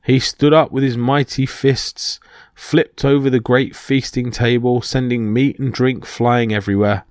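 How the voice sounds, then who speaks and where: A man hosting a podcast, reading a myth as steady scripted storytelling. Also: mid-range voice, a little slow, no room sound, clean studio sound. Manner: steady reading with small slips. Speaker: podcast host and narrator.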